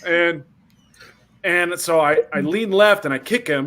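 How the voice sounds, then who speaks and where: A young man hosting a podcast, telling a story with lots of acted-out quotes and big jumps in pitch. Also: a little slow, pushed and bright. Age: young adult. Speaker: podcast host. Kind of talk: animated storytelling.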